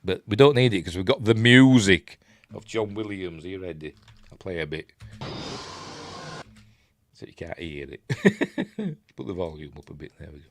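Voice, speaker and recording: A man's voice: fairly low pitch, big pitch swings, moderate pace, noisy background. An older man with a Yorkshire accent giving a rambling, chatty film commentary while watching along. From Yorkshire, England. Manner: rambling, chatty, hums the score. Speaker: film reviewer. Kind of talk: casual commentary over a film.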